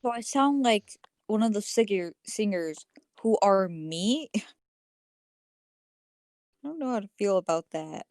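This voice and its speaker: A young woman co-hosting a casual podcast chat, laughing often and talking herself down in quick bursts. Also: mid-range voice, lively intonation, darkish tone, no room sound, studio quality. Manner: laughs often, self-deprecating, rapid bursts. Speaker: podcast co-host.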